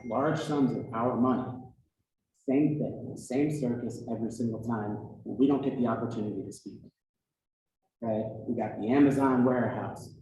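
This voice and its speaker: Man, public commenter, frustrated and combative, mellow tone, off-mic in a roomy hall. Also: medium pitch, a little hiss or hum. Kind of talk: public comment at a legislature meeting. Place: large legislative chamber. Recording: distant, dull, echoey chamber audio.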